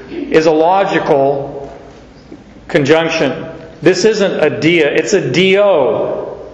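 Slow, emphatic male preacher in an echoey hall. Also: on the high side. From Canada. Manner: slow, emphatic teaching with rhetorical questions. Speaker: pastor. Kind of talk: verse-by-verse Bible teaching sermon. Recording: echoey hall, dull lo-fi sound.

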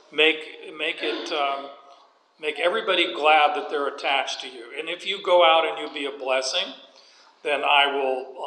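A man's voice: on the high side, bright, forceful tone. A man preaching a sermon, walking through scripture with folksy, joking asides. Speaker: pastor. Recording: echoey hall with long reverb.

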